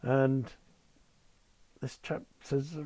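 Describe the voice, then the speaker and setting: A man's voice: mid-range voice, fairly even intonation, drawn-out words, warm tone, dry recording. An older man, a retired airline captain, telling wry, understated anecdotes in an interview. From United Kingdom. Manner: wry, understated storyteller, polite British phrasing. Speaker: retired Concorde captain, guest.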